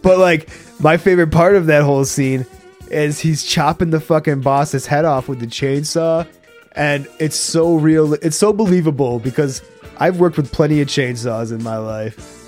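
Podcast co-host: a laid-back, swearing man with a fairly high voice over faint music. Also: moderate pace, a little mellow. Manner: laid-back, profane, laughs often. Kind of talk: casual movie discussion.

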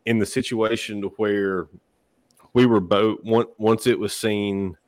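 A man's voice: on the low side, flat delivery, a little slow, darkish tone, no room sound. A man hosting a podcast in a studio, rambling through his thoughts with lots of filler phrases. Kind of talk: casual chat.

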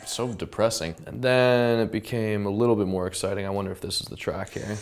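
A man explaining how he built a song in casual studio talk, animated and humming parts out loud to show them. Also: fairly low pitch, a little fast. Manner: animated, hums and vocalizes parts to demonstrate. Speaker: songwriter and producer. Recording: loud music playing under the voice.

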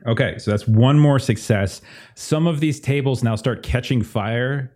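A young man narrating a tabletop game as game master, chatty and relaxed with many fillers. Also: mid-range voice, brisk.

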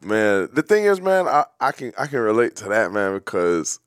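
A young man co-hosting a casual reaction chat, animated and profane. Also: fairly low pitch, normal speed, clear, resonant tone, no echo, clean studio sound. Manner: animated, profane, laughs easily. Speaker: co-host.

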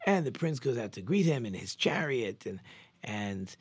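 A man, a rabbi, telling a parable in a sermon and acting out the characters' lines with lively shifts. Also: mid-range voice, moderate pace, husky, no room sound. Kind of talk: sermon storytelling.

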